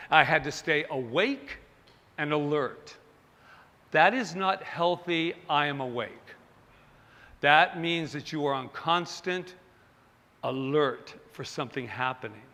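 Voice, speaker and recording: A man's voice: a little high, bright, forceful tone. A male minister giving a sermon in a conversational, self-deprecating way, talking straight to his congregation. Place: church sanctuary. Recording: long hall reverb.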